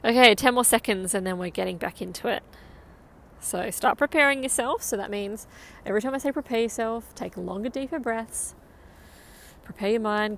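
Aussie lady coaching an interval run, mid pitched, upbeat, bit of faint outdoor hum. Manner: upbeat, encouraging, counts down. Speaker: running coach.

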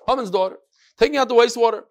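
A man giving a lively Talmud class, reading the Aramaic and then telling the story in English, acting out the characters as he goes. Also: very high-pitched. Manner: animated storytelling, acts out the characters. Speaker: Talmud teacher.

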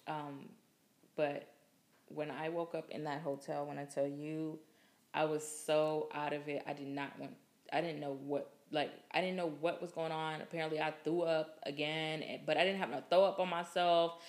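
Low-voiced woman telling a profane story. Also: moderate pace. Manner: profane, laughing, animated storytelling. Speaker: podcast host. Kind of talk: casual storytelling monologue.

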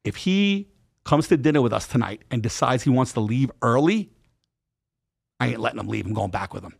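A man's voice: medium pitch, fairly quick, creaky, breathy edge. A man, a podcast guest, telling a story in casual talk. He swears freely and acts out the dialogue of the people in it. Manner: profane, animated, acts out quoted dialogue.

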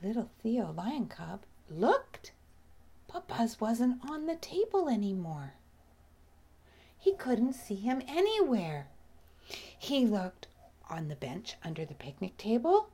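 Lady reading a bedtime story really slow, high lively voice, goes soft and whispery. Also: breathy edge. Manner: gentle, expressive, often drops to a whisper.

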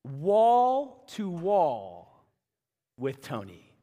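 A male pastor preaching a sermon, telling a story with animated delivery that swings from hushed to loud and emphatic. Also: a little high, drawn-out words. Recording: reverberant church hall.

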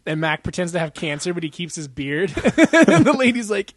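A man's voice: fairly high pitch, very animated, fairly quick, hardly any pauses, dry recording. A young man co-hosting a podcast in casual chat, rambling and profane, laughing often and acting out quotes. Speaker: podcast co-host.

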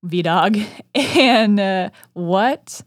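Give me a woman co-hosting a podcast, chatty and quick, recorded dry and close. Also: medium pitch, animated, no room sound. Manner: chatty, quick bursts, many "like"s. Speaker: podcast co-host, first-time reader. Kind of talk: casual podcast chat.

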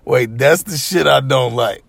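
Gravelly-voiced man in loud banter. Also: mid-range voice, a little slow, no echo. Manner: animated, laughing, profane banter. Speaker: podcast host. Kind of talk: casual chat.

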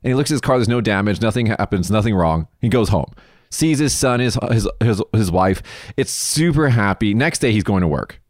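A man from the United States rambles through a story in a casual chat. His voice swings widely in pitch, and he swears freely. The sound is close and dry. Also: brisk, no room sound. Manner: animated, profane, rambling.

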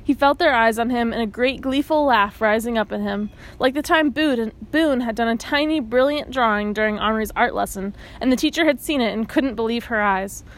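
A woman's voice: fairly high pitch, normal speed, hardly any pauses, poor audio. Woman narrating a children's novel. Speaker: audiobook reader. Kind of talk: scripted narration.

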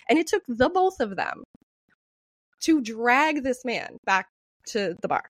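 Young woman, high voice, very lively pitch, dry close sound, animated storyteller, swears freely. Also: normal speed, no room sound. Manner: animated, profane, acts out quotes in raised voice. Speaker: podcast co-host. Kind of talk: storytelling chat.

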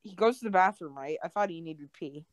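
A woman's voice: on the low side, fairly quick, no echo. A young woman chatting on a casual podcast, telling rambling stories full of restarts and quoted voices. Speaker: podcast co-host. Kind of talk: casual chat.

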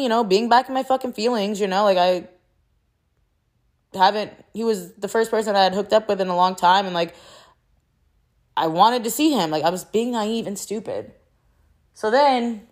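Young adult woman, frustrated and unfiltered, swearing freely in a candid personal vlog. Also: medium pitch. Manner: frank and heavily profane, rambling with restarts; frustrated and exasperated. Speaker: vlogger.

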